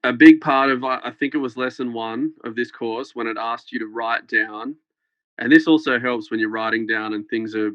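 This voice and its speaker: A man's voice: mid-range voice, fairly even intonation, normal speed, a bit bright, no room sound. A young man telling a story as a podcast guest, rambling with lots of fillers and light laughter. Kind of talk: casual storytelling. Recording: dull lo-fi podcast sound.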